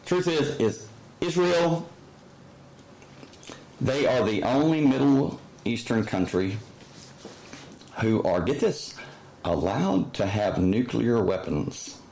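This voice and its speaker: A man's voice: medium pitch, lively intonation, takes it slowly, vocal fry, long pauses, darkish tone, low-quality recording. A man hosting his own channel, giving a heated, sarcastic opinion monologue full of fillers and restarts. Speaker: channel host.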